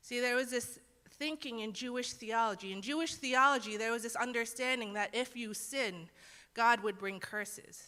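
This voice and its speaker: A young woman gives a casual but earnest Bible lesson, acting out the quotes she relates, like a conversational sermon. Her voice is slightly high, bright and forceful, at a moderate pace, with long hall reverb on the recording.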